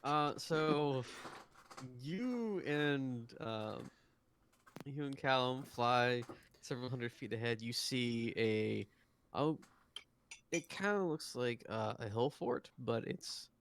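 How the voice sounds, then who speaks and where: A man narrating a tabletop game as game master, hesitant with many pauses and restarts. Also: medium pitch, expressive, a bit bright, slight background noise.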